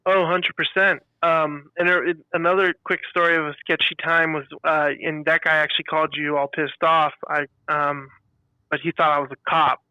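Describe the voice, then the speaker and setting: Man, podcast co-host, higher voice, very bright, animated storyteller, dry close sound. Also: moderate pace, clear, resonant tone, dry recording, highs cut off. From California. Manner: animated storyteller, acts out customer quotes. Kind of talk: casual chat.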